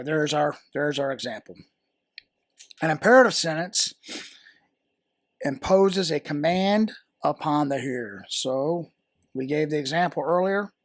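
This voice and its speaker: A man's voice: fairly high pitch, fairly bright tone, dry recording, studio quality. A man with a Southern American accent, patiently explaining a grammar lesson with fillers and repeated words. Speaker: teacher. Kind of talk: grammar tutorial.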